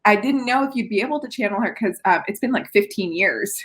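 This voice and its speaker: A woman's voice: medium pitch, animated, fairly quick, rough recording. A woman client who answers hesitantly, giving short replies in casual conversation.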